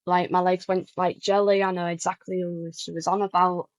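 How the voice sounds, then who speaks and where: A woman's voice: lowish voice, level tone, moderate pace, dry recording, highs cut off. Woman, guest musician, casual talker. Dry, close voice, rambling story with restarts. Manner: chatty, full of "like" and restarts.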